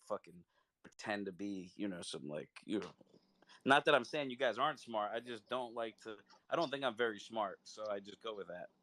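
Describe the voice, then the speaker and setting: A man's voice: lowish voice, fairly bright tone, dry recording. A man chatting casually in an online audio room, joking and swearing in loose slang. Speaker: speaker in a crypto audio chat. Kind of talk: casual chat.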